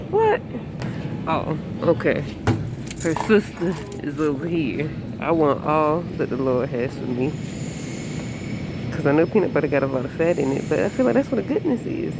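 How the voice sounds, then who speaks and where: A woman's voice: sits low, heavy background noise. A young woman chatting humorously to her camera in a casual vlog. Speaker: vlogger. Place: grocery store, car and restaurant.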